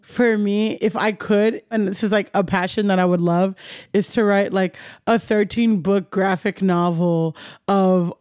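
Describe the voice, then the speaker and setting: A woman's voice: medium pitch, unhurried, clean tone, dry recording, studio quality. A young woman, a comedian, telling candid stories in an interview, laughing often and acting out the dialogue. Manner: animated, laughing, swearing, acts out dialogue. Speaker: comedian guest.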